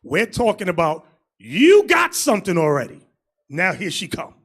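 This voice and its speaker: Male street preacher, high animated voice, loud bursts. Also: moderate pace, slightly rough. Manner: preachy, shouting bursts, swings loud and soft. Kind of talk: street sermon commentary.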